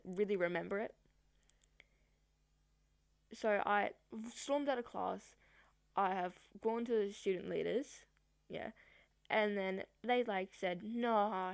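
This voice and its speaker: Woman telling a story with vocal fry. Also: medium pitch, no echo. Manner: chatty, rambling, with fillers. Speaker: vlogger. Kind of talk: storytime vlog.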